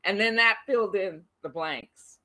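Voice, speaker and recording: Woman in her 60s with a bright, crisp voice, telling family stories with lively animation. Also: medium pitch, unhurried, rough recording. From United States. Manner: lively, animated storytelling with laughs and restarts. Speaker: interviewee. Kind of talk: recorded conversation between siblings.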